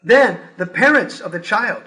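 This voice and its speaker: A spiritual teacher telling animated stories in a talk, pausing for a translator and acting out the voices in them. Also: male voice, sits high, poor audio. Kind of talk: storytelling talk with live translation.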